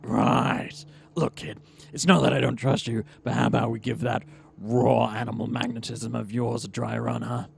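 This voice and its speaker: A man voicing a gruff, streetwise male vampire fixer with a gravelly, sarcastic voice. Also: mid-range voice, little pitch movement, normal speed, few pauses, a little hiss or hum. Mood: wry. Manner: sarcastic, world-weary. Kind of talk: voicing a character in a game playthrough.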